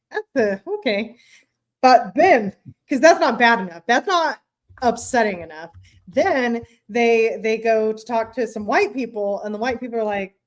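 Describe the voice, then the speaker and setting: A woman's voice: on the high side, lively intonation. Blunt sweary woman co-host. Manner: blunt, sweary, retells scenes in quick quoted voices. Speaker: podcast co-host. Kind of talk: casual chat.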